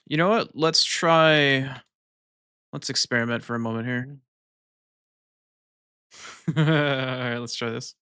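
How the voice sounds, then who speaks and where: A man's voice: medium pitch, slow pace, pauses often, bright, forceful tone, smooth, no room sound, clean studio sound. A young American man chatting casually on a live stream, reading chat aloud and laughing often.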